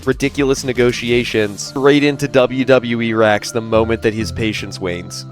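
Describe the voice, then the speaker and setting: A streamer reacting to a call recording with animated, amused commentary, close to the mic. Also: male voice, mid-range voice, moderate pace, soft background music.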